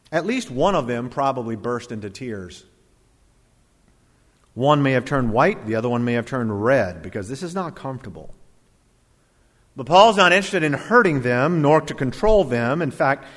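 A man preaching a sermon as pastor, animated and jokey with quoted asides. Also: mid-range voice. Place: church. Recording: long hall reverb.

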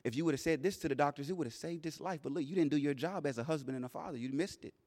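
A man voicing a whispering, accusing voice of doubt in a low hushed tone, echoing in a large hall. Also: very fast. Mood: taunting whisper. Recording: long reverb of a large hall.

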